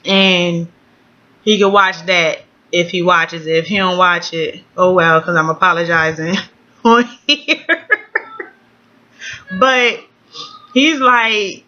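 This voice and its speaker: A woman's voice: medium pitch, unhurried, bright, forceful tone, muffled recording. A woman venting in a casual home vlog, blunt and outspoken, swearing freely. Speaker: vlogger.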